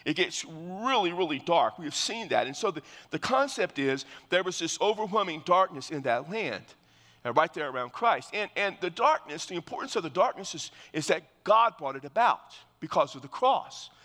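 A man's voice: fairly high pitch, very animated, normal speed, pushed and bright, big-room sound. A male pastor preaching verse by verse in an earnest, explanatory way, often restarting his phrases. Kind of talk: verse-by-verse sermon.

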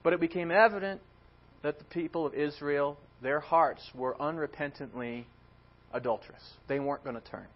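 A man preaching a sermon in an animated way, acting out quoted words as he tells the story. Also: on the high side, normal speed, muffled recording.

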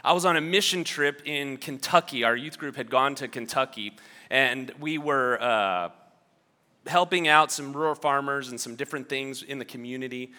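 A man delivers a sermon as pastor, and his storytelling is loose and chatty, full of restarts and little asides. His voice is bright and forward. It rings out with the long reverb of a large hall. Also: medium pitch, moderate pace.

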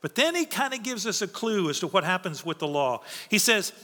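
Male pastor, high bright voice, emphatic preaching with rhetorical questions, in a reverberant sanctuary. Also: sing-song, fairly quick. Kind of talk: sermon.

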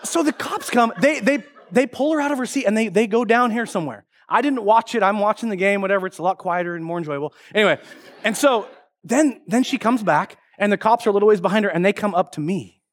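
Middle-aged pastor, man with a very high voice, playful and animated, good for a sermon opener. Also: fast talker. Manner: animated, joking storyteller.

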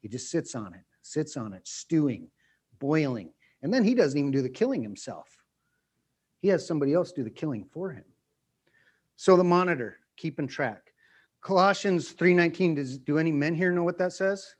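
A male pastor mid-sermon in a church room, voice sitting a little higher than most men's. He is animated and lively, acting out everyday scenes and putting questions straight to the people in front of him. His pitch swings high and low as he goes. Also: normal speed, slightly rough. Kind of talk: sermon teaching.

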